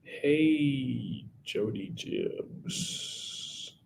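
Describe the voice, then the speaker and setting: A man's voice: medium pitch, animated, very slow, vocal fry, a little hiss or hum. A young man, casually chatting on his livestream and answering viewers by name. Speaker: livestream host, college football player. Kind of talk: casual livestream chat reading viewer comments.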